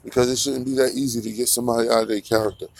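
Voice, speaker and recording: A man's voice: mid-range voice, fairly even intonation, racing, gravelly, darkish tone, a little hiss or hum. A man hosting a casual morning commentary, rambling and profane, mocking his targets and laughing often. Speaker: commentary channel host.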